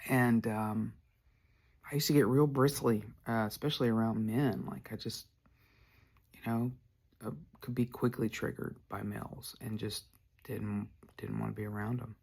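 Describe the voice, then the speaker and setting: A man's voice: on the low side, steady tone, normal speed, creaky, a little mellow, husky. A man, hosting a podcast and telling a personal story candidly, full of "like" fillers. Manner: candid, rambling, lots of "like" fillers. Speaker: podcast host.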